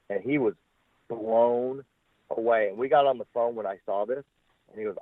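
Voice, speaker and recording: A man's voice: medium pitch, normal speed, pauses often, no echo. A man, a former talent manager, telling rambling stories in an interview, swearing freely and acting out what other people said. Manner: rambling, profane, acts out quoted people. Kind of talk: casual storytelling interview. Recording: tinny phone-line sound, dry.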